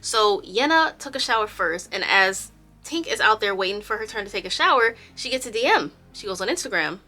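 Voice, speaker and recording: A woman's voice: medium pitch, fairly quick, soft background music. Chatty woman telling a storytime. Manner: chatty, animated. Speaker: YouTuber. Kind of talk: storytime narration.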